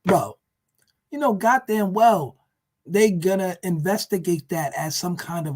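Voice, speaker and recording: High-voiced man on a mocking rant. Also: measured pace. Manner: animated, profane, repetitive, mocking. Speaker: vlogger. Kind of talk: casual profane rant.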